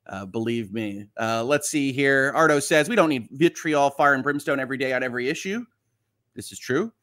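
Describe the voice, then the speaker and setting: A man hosting a casual livestream, reading viewer comments aloud and answering them one by one. He sounds reassuring and jokes along the way, at a pitch in the middle of the male range. His loudness swings from soft asides to emphatic lines. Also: a little fast. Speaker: livestream host.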